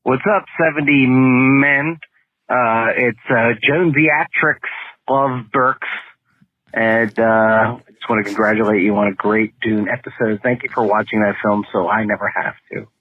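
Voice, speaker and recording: A man's voice: mid-range voice, steady tone, measured pace, dry recording. A man leaving a rambling, playful voicemail for a podcast, full of "uh" fillers. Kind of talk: casual voicemail message. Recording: lo-fi voicemail audio.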